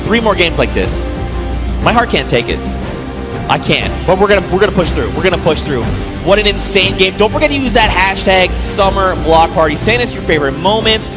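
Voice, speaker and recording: High-voiced excitable male esports caster. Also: over music. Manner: excitable, fast play-by-play. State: straining his voice. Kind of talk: live game commentary. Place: large arena.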